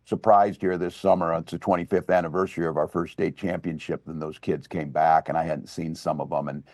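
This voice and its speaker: An excitable older man with a very low voice, telling stories in a relaxed chat. His voice is dry and close, with no room sound. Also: a little fast, dry recording. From Minnesota. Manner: excitable, storytelling, laughs easily. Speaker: governor and guest. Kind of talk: casual chat.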